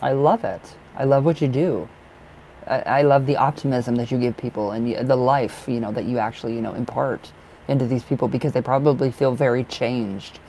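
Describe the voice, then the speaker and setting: A man talking in a casual live-stream chat, his mid-pitched voice carrying a gravelly edge. He is effusive and affectionate, laughing often and restarting his sentences as he speaks to viewers by name. A faint hum sits behind him. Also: a little fast, mellow, poor audio. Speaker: tarot reader.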